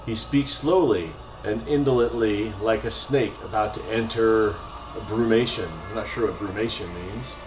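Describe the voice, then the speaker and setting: A man's voice: fairly low pitch, normal speed, noisy background. A man hosting a let's play, casually reading game text aloud with his own asides. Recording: roomy echo, faint music.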